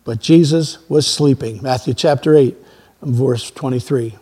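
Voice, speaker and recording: Husky man preaching a sermon, mellow dark tone, gets loud then drops soft. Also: mid-range voice, a little slow. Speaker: pastor.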